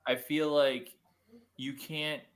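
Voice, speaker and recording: A man, a paranormal investigator guest, talking casually in an earnest, halting and reflective way. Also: mid-range voice, flat delivery. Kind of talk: casual chat.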